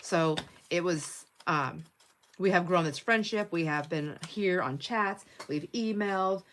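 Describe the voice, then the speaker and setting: A middle-aged woman with a slightly low voice hosts a casual craft livestream. She chats freely, laughs often and reads viewer comments aloud as she works at her table. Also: unhurried, a bit bright, slight background noise. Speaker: livestream host.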